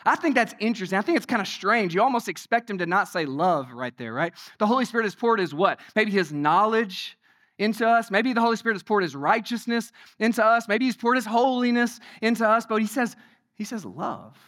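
A man preaching a sermon in a conversational way, asking many rhetorical questions and moving between loud emphasis and hushed passages. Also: high voice, lively intonation, fairly quick. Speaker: pastor.

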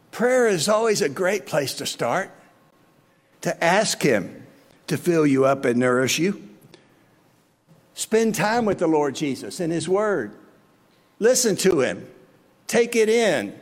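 A man preaching in an earnest sermon, asking his congregation question after question. His voice sits high and swings widely in pitch. Long reverb trails each phrase as if in a large hall. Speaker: pastor.

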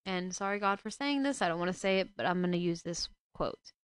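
A woman's voice: on the low side, expressive, brisk, clean tone, dry recording, studio quality. A woman hosting a casual book talk, retelling a story with emotional, indignant asides. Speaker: book discussion host.

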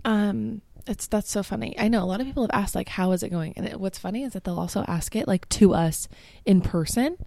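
Groggy, gravelly young woman chatting. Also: medium pitch, fairly quick, dark tone, no room sound. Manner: chatty, laughing often, many "like" fillers. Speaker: podcast co-host. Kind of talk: casual chat.

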